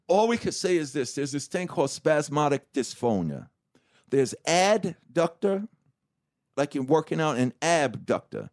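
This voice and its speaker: A man, telling his story to an interviewer in an animated, profane way and acting out the quotes. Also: a little high, measured pace. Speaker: guest.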